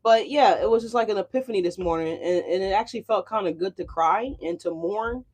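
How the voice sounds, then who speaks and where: A woman's voice: mid-range voice, fairly quick, a little mellow, a little hiss or hum. A woman doing a casual tarot reading for her channel, chatty and a little profane, calling her viewers y'all. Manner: loose and profane. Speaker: tarot reader. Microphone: desk mic.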